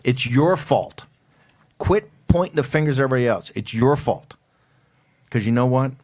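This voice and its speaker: A male talk show host haranguing his listeners in a forceful, hectoring way, often repeating himself. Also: medium pitch, expressive, brisk. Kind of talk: fired-up political talk show.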